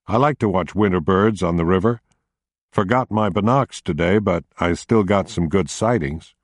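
A man's voice: low voice, normal speed, dry recording, studio quality. A man doing an easygoing wry tinkerer. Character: wry male wireless tinkerer, calm under pressure.

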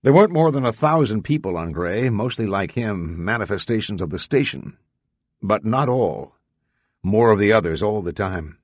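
A man reading fiction aloud as an audiobook narrator, with expressive, dramatic delivery. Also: fairly low pitch, normal speed, dry recording. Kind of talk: scripted narration.

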